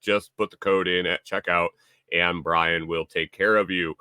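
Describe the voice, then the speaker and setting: A man's voice: low-pitched, steady tone, a little slow, pushed and bright, clean tone, dry recording, studio quality. A man hosting a casual live stream, rambling and repeating himself, reading viewer comments aloud. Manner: reads viewer chat aloud. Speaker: livestream host.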